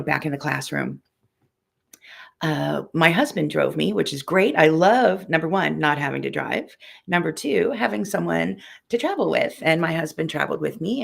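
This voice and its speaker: A low-voiced woman in her fifties with a heavy gravelly rasp chats loosely with her online audience. She is a quilting teacher who rambles from one story to the next and stops to greet viewers by name. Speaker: quilting teacher and live-stream host. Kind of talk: casual live-stream chat.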